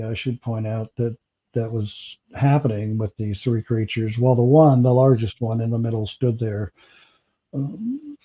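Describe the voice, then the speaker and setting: Guy telling his story slow and halting, lots of uhs, kinda muffled sound. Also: mid-range voice, warm tone. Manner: halting, many fillers and restarts. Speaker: interview guest. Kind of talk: recounting a personal encounter.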